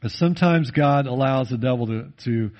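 A male pastor preaching a sermon, swinging between loud emphatic rises and low, intimate drops, and slowing down to read scripture. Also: lo-fi sound. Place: church.

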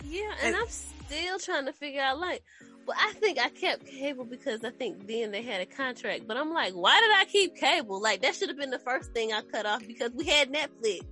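A woman's voice: sits high, moderate pace, sharp tone, soft background music. A woman co-hosting a podcast in casual chat, playful and teasing, laughing often. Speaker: podcast co-host.

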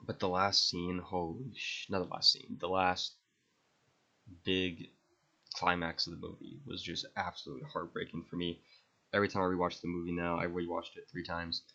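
A man's voice: sits low, completely flat delivery, moderate pace, pushed and bright, dull audio. A young man hosting a podcast, rambling enthusiastically through his favorite movies and swearing freely. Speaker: podcast host. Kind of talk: casual movie ranking monologue.

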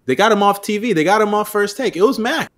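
A man's voice: sits high, lively intonation, fast, a bit bright, a little hiss or hum. A man co-hosting casual sports banter, blunt and opinionated, and steering the talk to new topics. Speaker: podcast co-host.

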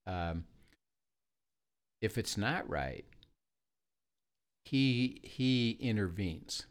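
A man's voice: fairly low pitch, animated, extremely slow. A man in casual faith talk, telling stories and acting out little dialogues. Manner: storytelling, acts out dialogue.

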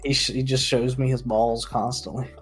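A man's voice: medium pitch, level tone, normal speed, breathy edge, soft background music. A man co-hosting a casual group chat, laid-back and laughing often. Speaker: co-host.

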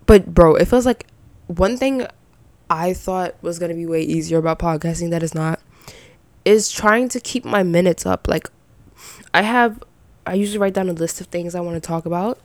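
A young woman hosting her own podcast, chatting loosely with lots of "like" and side thoughts, in a slightly raspy voice. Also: fairly low pitch, moderate pace, no echo. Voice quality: slight rasp. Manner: rambling, chatty, with filler 'like' and self-doubting asides. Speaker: podcast host. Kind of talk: casual solo podcast chat.

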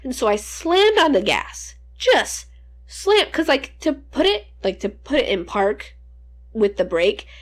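A woman's voice: a little high, big pitch swings, unhurried. A woman in her twenties telling rambling, profane childhood stories in casual podcast chat. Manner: rambling, profane, laughing storyteller. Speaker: podcast co-host.

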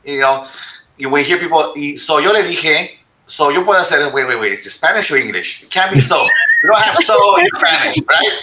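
A man on a discussion panel, talking in an animated way, switching between English and Spanish and asking "right?" again and again. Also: a little high, fairly quick, echoey room, a crowd in the background, low-quality recording. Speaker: panel guest.

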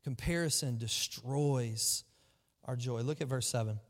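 A man preaching a sermon to his church, lively and emphatic, often acting out the voices of the people in his story. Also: medium pitch, a little slow. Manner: animated preaching, acts out quoted voices. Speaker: pastor. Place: large church hall. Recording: long hall reverb.

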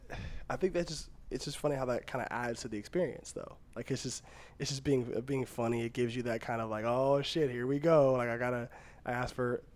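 A man's voice: mid-range voice, darkish tone. A young man co-hosting a podcast, chatting loosely with lots of fillers and frequent laughter. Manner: rambling, laughs often, many fillers. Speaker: podcast co-host. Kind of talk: casual chat.

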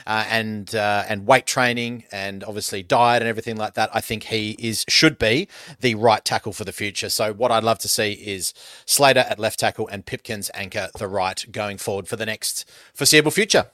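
A man's voice: fairly low pitch, fairly even intonation, normal speed, bright, forceful tone, dry recording, clean studio sound. An Australian man hosting a sports podcast, talking in an emphatic, decisive way. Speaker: podcast host. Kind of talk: casual podcast chat.

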